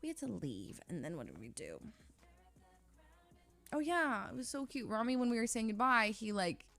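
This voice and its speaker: A woman's voice: a little high, very animated, moderate pace, fairly bright tone, soft background music. A young woman streamer chatting casually as she tells a story, rambling with lots of restarts and laughing often. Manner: rambling, heavy use of "like" and restarts, frequent laughter.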